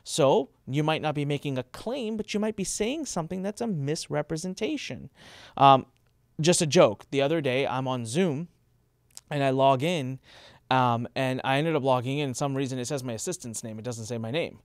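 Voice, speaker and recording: A man's voice: moderate pace, dry recording, studio quality. A man hosting a channel, explaining marketing rules in a casual talk to camera, emphatic and acting out quoted speakers. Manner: emphatic, acts out quoted speakers with raised pitch. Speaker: host explaining marketing compliance.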